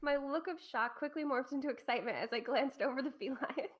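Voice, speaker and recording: A woman's voice: sits high, a little fast. A woman co-hosting a podcast, reading a story aloud in a casual way and breaking off to giggle and joke.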